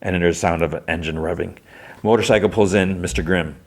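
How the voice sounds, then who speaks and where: A man's voice: low voice, quick pace, slight background noise. A man, a podcast host, casually recapping an episode and doing all the voices. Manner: animated retelling with put-on voices.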